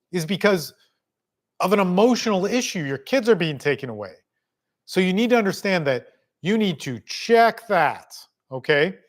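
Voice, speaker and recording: A middle-aged man coaching people on family court in a blunt, casual spoken lesson, swearing freely and talking straight to the listener. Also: a little high.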